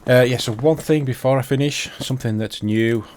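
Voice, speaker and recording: A man's voice: mid-range voice, fairly quick, darkish tone, a little hiss or hum. A man giving casual commentary while playing a farming game, chatty and thinking aloud to himself. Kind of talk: casual let's-play commentary.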